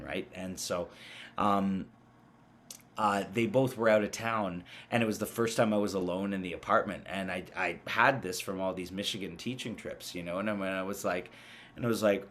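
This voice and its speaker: Male guest in his thirties, lowish voice, rambling casual storyteller, many restarts. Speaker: guest, amateur paranormal investigator.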